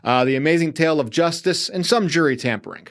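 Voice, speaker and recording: This is an upbeat man with a voice a touch higher than most, speaking as a guest on a casual podcast interview. He rattles off event listings quickly and eagerly. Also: animated, a bit bright. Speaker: guest, city tourism manager.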